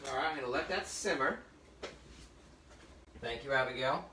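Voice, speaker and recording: Here a man with a medium-pitched, sharp-toned voice talks at normal speed while teaching a live cooking class in a hot kitchen, explaining every step in a chatty way. He's captured from afar by a phone streaming to viewers elsewhere, so the room sounds echoey, and there's a little hiss or hum.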